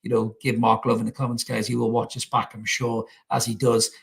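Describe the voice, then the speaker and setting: A young man talks football on his own show, chatting with the viewers. His voice sits at an ordinary middle pitch. He is blunt and sweary, with plenty of laddish banter. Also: little pitch movement, a little fast, vocal fry. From North East England. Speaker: podcast host. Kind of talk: casual live-stream football chat.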